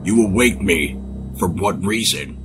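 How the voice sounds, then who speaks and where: A man voicing deep raspy caged prisoner. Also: background noise. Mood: menacing. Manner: slow, menacing, full of despair. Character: deep-voiced imprisoned male killer, hateful. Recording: music bed under voice.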